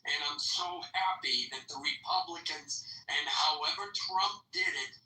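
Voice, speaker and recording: A man's voice: a little high, unhurried, sharp tone, far from the mic. A man hosting a political talk chat, rambling and emphatic, recorded off-mic in an echoey room with faint noise. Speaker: host.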